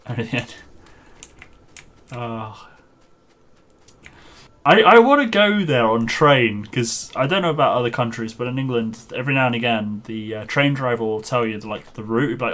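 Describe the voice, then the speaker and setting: A man's voice: mid-range voice, moderate pace, fairly bright tone. Chatty rambling male streamer. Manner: rambling, chatty, laughs often at his own stories. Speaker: game streamer. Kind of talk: casual chat while gaming.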